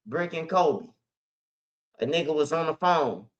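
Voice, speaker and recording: A man's voice: a little high, expressive, a little slow. A man, a show host telling stories in a casual monologue, heavy on street slang and "bro". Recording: slightly dull lo-fi audio.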